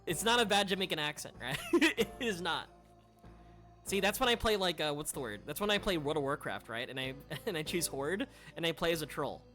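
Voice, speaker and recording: Faint music sits behind an expressive, brisk, mid-range voice that comes across pushed and bright. It's a game streamer chatting loosely over let's-play footage and game dialogue, stammering into restarts, rambling, laughing often and using crude slang.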